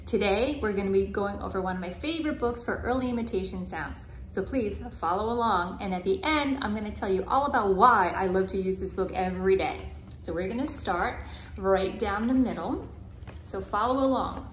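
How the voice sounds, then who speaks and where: A woman speech language pathologist modeling simple sounds and words for toddlers in a playful, sing-song, drawn-out way. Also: mid-range voice, echoey room, a little hiss or hum. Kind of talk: slow, exaggerated word modeling for toddlers.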